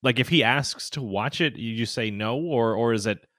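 A man's voice: medium pitch, normal speed, a bit bright, no room sound, studio quality. A man co-hosting a casual chat who mostly listens and agrees, then asks a friendly question. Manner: supportive listener, short agreeing replies.

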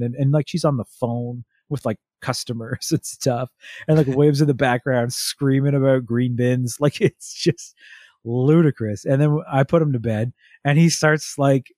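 A young adult man on a casual podcast, telling parenting stories with lively acted-out quotes of his toddler. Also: medium pitch, normal speed, no echo, studio quality. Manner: animated storyteller acting out a toddler's lines. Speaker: podcast co-host. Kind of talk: casual chat about parenting.

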